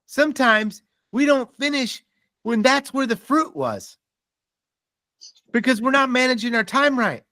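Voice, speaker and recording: A man's voice: extremely high pitch, unhurried, long pauses, no room sound, clean studio sound. A man giving a motivational seminar talk as a mortgage sales trainer, telling stories and acting out quoted dialogue. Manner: animated storytelling with quoted dialogue.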